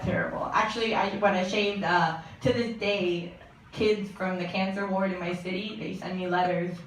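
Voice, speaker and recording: A young woman performs stand-up, telling jokes in a deadpan way and turning to the crowd with quick asides. Her voice sits in the middle of the range for a woman. It comes from far off in a very reverberant club, with clear crowd noise behind it. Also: mid-range voice. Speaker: stand-up comedian. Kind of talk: stand-up comedy set. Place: comedy club stage. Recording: echoey room from a distance, audience laughter.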